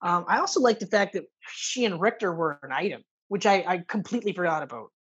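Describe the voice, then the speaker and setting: Husky woman, casual movie chat, cursing, slightly dull lo-fi sound. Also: lowish voice, animated, fast talker. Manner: casual, swears often, acts out movie lines. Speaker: podcast co-host.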